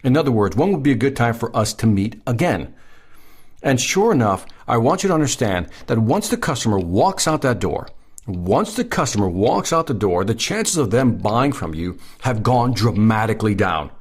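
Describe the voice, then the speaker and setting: A man's voice: medium pitch, big pitch swings, moderate pace, breathy edge. A man hosting a sales advice podcast, speaking emphatically and repeating his key points. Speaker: podcast host.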